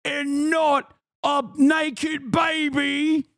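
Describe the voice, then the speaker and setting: A man voicing an outraged, pompous medieval man in a put-on British accent, shouting slowly in drawn-out indignation. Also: very high-pitched, flat delivery, creaky, dry recording, clean studio sound, pitched above the performer's own voice, exaggerated voice.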